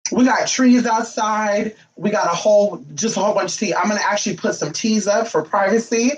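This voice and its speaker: A spiritual vlogger in casual chat with viewers, sassy, brash and profane, with sudden high outbursts. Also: brisk, husky. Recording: distant, dull lo-fi sound.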